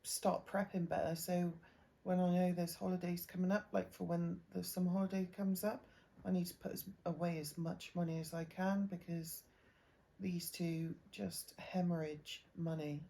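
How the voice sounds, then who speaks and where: A woman's voice: fairly low pitch, level tone, normal speed, gravelly, dark tone. A woman chatting casually as a parent, sounding weary and plain-spoken. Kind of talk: casual chat.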